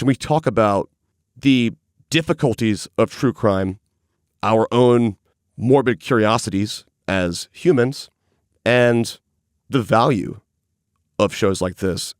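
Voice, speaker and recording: A man from Atlanta hosting a podcast in a studio, relaxed and laughing easily. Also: medium pitch, no echo. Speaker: podcast host. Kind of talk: podcast intro and casual interview.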